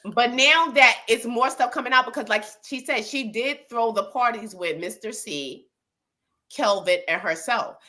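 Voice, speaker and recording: A woman co-hosts a casual gossip show with a bright, slightly high voice. She rambles, restarts her sentences and swears freely. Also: moderate pace. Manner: animated, blunt and profane, rambling with restarts. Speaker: co-host.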